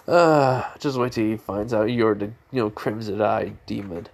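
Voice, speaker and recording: A man's voice: fairly low pitch, a little slow. A young man retelling a fan story in a rambling, off-the-cuff way, full of fillers and restarts. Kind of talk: casual improvised storytelling. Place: home room.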